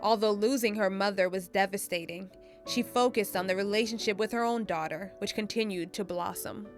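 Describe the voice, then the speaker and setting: A woman reads scripted documentary narration in a smooth, measured way. Her voice sits at a middle pitch. Faint music plays beneath her.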